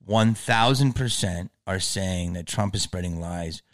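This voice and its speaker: A man's voice: deep voice, measured pace, a bit bright. A man in casual podcast chat who talks a lot, swears freely and keeps pushing his point over the other speaker. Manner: talkative, interrupts, pushes his point. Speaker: podcast co-host or guest.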